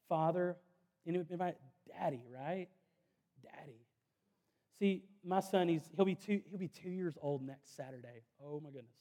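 Mellow-voiced pastor preaching. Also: male voice, high voice. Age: 30s. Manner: earnest conversational preaching with self-deprecating asides. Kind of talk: sermon.

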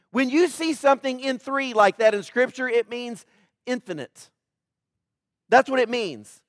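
Male pastor preaching, high voice, dry close sound, swings from loud declarations to hushed asides. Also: normal speed, dry recording. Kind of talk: sermon.

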